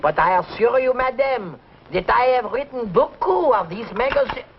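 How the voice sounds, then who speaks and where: A man's voice: extremely high pitch, expressive, normal speed, over a noisy crowd, voice pushed up. A man putting on a fake-French professor. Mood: ingratiating. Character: fussy man posing as a French-accented professor. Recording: muffled old TV sound, loud studio audience.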